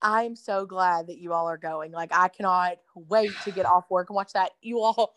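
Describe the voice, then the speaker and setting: A woman's voice: on the low side, fairly even intonation, moderate pace, fairly bright tone, slight background noise. A tired, yawning woman, telling a story in casual chat with lots of fillers. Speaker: podcast co-host.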